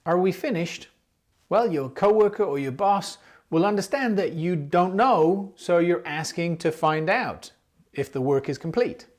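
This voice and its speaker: English teacher with a very animated pitch, explaining grammar clearly and patiently for learners. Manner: clear, patient explaining, with example questions spoken aloud.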